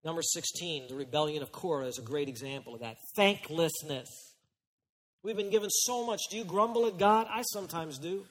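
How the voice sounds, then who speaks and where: Man preaching, high voice, long echo of a big hall, hushed warnings then loud urgent appeals. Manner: acts out listeners' excuses in quick quoted voices. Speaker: pastor. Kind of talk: sermon.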